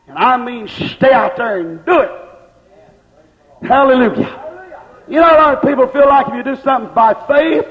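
A man preaches a fiery sermon in a very high voice. His words ring out with a long echo. The recording is dull and lo-fi. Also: animated. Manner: impassioned preaching, slowing and shouting at climaxes. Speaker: pastor. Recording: reverberant church, dull lo-fi sound.

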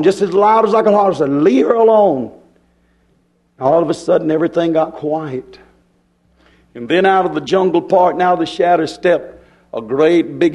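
In a fiery sermon, a male preacher speaks in a folksy, impassioned manner, rising to hollers and then sinking to a low, quiet tone. His voice is high and ringing.

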